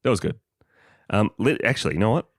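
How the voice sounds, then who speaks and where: A man's voice: on the low side, expressive, fast, dry recording, clean studio sound. A young man with a New Zealand accent co-hosting a podcast, bantering and teasing his co-host. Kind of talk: casual chat.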